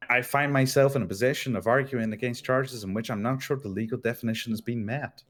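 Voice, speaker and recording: A man playing a defense attorney in an online roleplay, speaking formally and smoothly in courtroom language. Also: mid-range voice, fast talker. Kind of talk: in-character roleplay.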